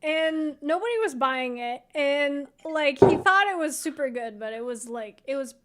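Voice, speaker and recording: A woman's voice: high-pitched, expressive, normal speed, fairly bright tone. A woman co-hosting a podcast, talking bluntly in casual slang and laughing along. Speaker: podcast co-host. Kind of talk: casual chat.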